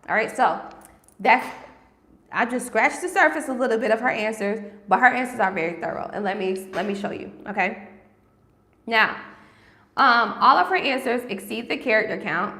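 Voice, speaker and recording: A woman's voice: fairly high pitch, expressive, normal speed, sharp tone, echoey room. A woman hosting a casual livestream, talking straight to her viewers and often checking in with "okay?" and "right?". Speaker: livestream host helping with grant applications.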